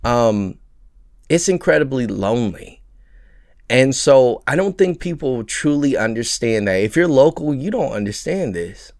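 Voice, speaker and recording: Man, New York accent, trucker vlog, lively swooping pitch, dry close sound. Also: unhurried, dry recording. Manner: animated, stammering restarts, mocking put-on voices. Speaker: trucker vlogger. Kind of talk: casual vlog rant. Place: truck cab.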